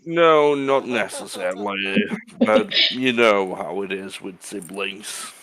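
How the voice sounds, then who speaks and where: A man's voice: fairly low pitch, takes it slowly, fairly bright tone. A man playing a tabletop role-playing game with a dry, teasing delivery. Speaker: player. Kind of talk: casual tabletop role-play.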